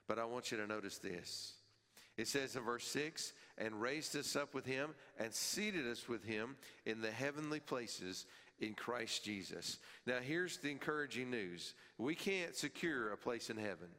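Man, pastor, emphatic sermon, bright forceful voice, long hall reverb. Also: animated, measured pace. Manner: emphatic, repeating key phrases and building in pitch and volume.

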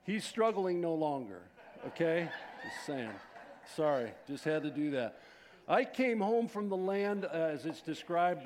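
A man's voice: mid-range voice, a little mellow. A man in his sixties, a pastor who prays and then greets his church in a chatty, rambling way full of fillers and restarts. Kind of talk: sermon with prayer and casual church greeting. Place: church sanctuary.

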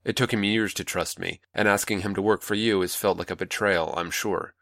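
A man playing a manipulative older male mentor, calm, patronizing and coaxing, in a dry close recording. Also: lowish voice, brisk, creaky, no echo.

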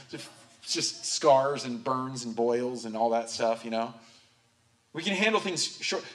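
A man's voice: fairly high pitch, a bit bright. Casual young male preacher. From Southern California. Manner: conversational, joking asides. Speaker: pastor. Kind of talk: sermon.

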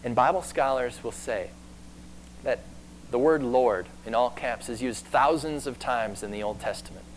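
A man preaching a sermon in an earnest way, slowing down and getting louder to stress key words. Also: mid-range voice, slight background noise, rough recording. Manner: earnest, varies pace and loudness for emphasis.

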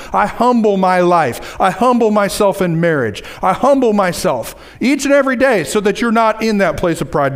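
A man with a high voice preaches a sermon in a lively way. He repeats phrases for emphasis and drops in casual asides to his listeners. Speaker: pastor.

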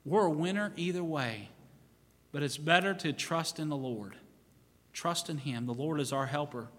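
A man's voice: a little high, moderate pace. A man preaching as pastor in a church sanctuary, pleading earnestly in a repetitive cadence during a sermon and altar call. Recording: reverberant church hall with soft music. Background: soft piano.

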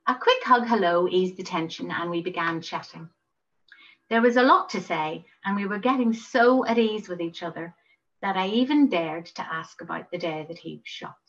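A woman's voice: on the low side, moderate pace, lo-fi sound. Woman telling a memoir. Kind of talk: memoir storytelling.

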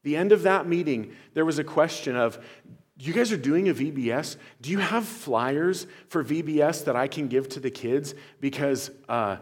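A man's voice: on the high side, moderate pace. A man preaching as pastor to his church, earnest and conversational, sharing announcements with enthusiasm. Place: church sanctuary. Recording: long hall reverb.

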